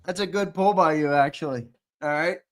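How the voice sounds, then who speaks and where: A man hosting a sports live stream in a loose, joking way. He laughs easily and chats with viewers as he reads their comments. His voice sits a little high for a man. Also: moderate pace. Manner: laughing, playful, reads chat aloud. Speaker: podcast host. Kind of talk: casual live-stream banter.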